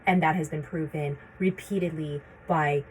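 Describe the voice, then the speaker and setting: A woman's voice: low-pitched, steady tone, moderate pace, darkish tone, slight background noise, poor audio. Woman telling her own story, anxious and urgent. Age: 30s. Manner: urgent, repeats herself, voices her own anxious thoughts. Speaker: vlogger sharing her experience. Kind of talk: personal story told to camera.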